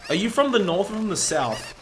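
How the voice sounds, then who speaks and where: A man's voice: high voice, big pitch swings, fairly quick, a bit bright, slight background noise. An Australian man, a speedrun streamer, chatting casually and rambling as he answers his live chat.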